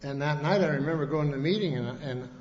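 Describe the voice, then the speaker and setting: A man's voice: a little high, fast talker. Rambling man in an echoing hall. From Montana, USA. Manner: folksy and rambling, full of restarts and colloquial grammar. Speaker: speaker at a recovery convention. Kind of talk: personal recovery story told to an audience. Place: large convention hall. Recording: long hall reverb, dull lo-fi archival tape, faint hiss.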